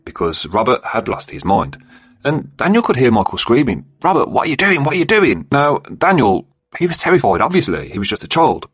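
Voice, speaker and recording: A man's voice: low voice, husky, no room sound. A man narrating a true crime story bluntly, swearing and adding indignant asides.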